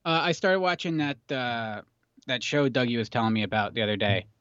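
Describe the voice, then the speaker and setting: A man's voice: mid-range voice, brisk, fairly bright tone, smooth, dry recording. Laid-back rambling man, dry dull sound. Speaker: podcast co-host. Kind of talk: casual chat. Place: makeshift recording booth in a basement.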